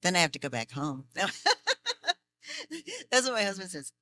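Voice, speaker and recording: A woman voice actress answering fan questions at a convention Q&A, chatty and animated, laughing often as she tells stories. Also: sits low, normal speed. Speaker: voice actress guest.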